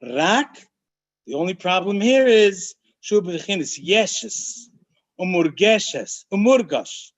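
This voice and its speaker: Man, rabbi, high voice, Torah class lecture, emphatic, slows for stress. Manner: animated, emphatic teaching, often slowing to stress key phrases; frequent Hebrew and Yiddish terms.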